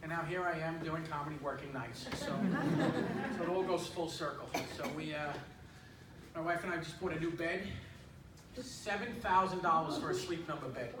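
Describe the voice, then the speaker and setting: A man in his fifties performing a stand-up comedy set, telling stories in a chatty way with plenty of filler words. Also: on the high side. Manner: conversational storytelling with lots of filler words. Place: club stage with an audience. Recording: echoey room, distant mic, audience noise. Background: audience laughter.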